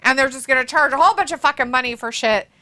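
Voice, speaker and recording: A woman hosting a livestream in casual chat, animated and cursing freely, often laughing. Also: sits high, racing. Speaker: stream host.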